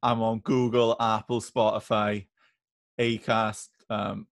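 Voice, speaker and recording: A man's voice: on the low side, little pitch movement, takes it slowly, vocal fry, no room sound, studio quality. A young man, a student, chatting casually as a podcast guest, hesitant and easygoing. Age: young adult. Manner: hesitant, restarts and fillers, easygoing.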